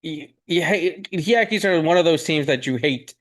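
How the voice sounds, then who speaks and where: A man with a slightly higher voice talks casually on a podcast, laying out his point and checking in with his listener. He is heard through a video-call mic. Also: normal speed, fairly bright tone. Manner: easygoing, explains with rhetorical "right?". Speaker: podcast co-host.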